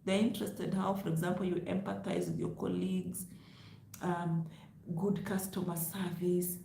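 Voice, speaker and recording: A woman giving advice to camera in a loud, emphatic, lecturing way, laughing now and then as she talks to her viewers. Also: fairly low pitch, flat delivery, normal speed, creaky, reverberant, slight background noise. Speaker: travel vlogger. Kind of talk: direct-to-camera advice vlog.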